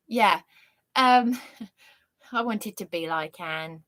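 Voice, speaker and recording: Slow, indignant woman ranting. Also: mid-range voice, fairly bright tone, no echo. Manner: indignant, sweary, sarcastic ranting. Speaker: livestreamer. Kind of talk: angry monologue on a livestream.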